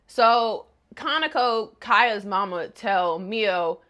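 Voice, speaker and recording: A woman recaps an anime episode in a chatty, laid-back way. She peppers the story with slang and jokes, and her pitch sits right in the middle. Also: measured pace, a bit bright. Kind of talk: casual recap chat.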